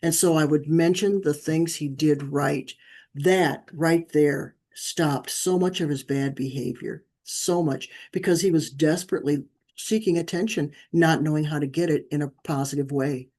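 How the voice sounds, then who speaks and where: A middle-aged woman talks as an interview guest about parenting. Her voice is mellow and warm. She tells stories with energy and acts out the quoted lines. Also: low voice, moderate pace. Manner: animated storyteller, acts out quoted dialogue. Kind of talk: conversational interview.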